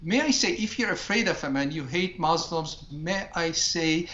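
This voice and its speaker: A man's voice: animated, moderate pace, bright, forceful tone, roomy sound. Earnest guy from iran giving testimony on a talk show, muffled a bit. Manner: earnest, acts out his prayers to God with rising pitch. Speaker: guest, ministry founder.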